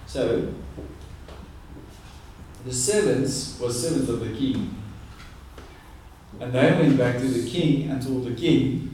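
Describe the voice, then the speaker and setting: A man preaching a conversational, animated sermon. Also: mid-range voice, takes it slowly, long pauses, slight background noise. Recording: echoey room, distant mic.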